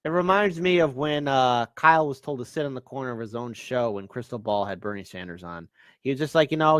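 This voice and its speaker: A man with a medium-pitched voice, co-hosting a political discussion. He speaks in a measured way with sarcastic asides, and the recording is close and dry. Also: lively intonation, no echo. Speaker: political show co-host.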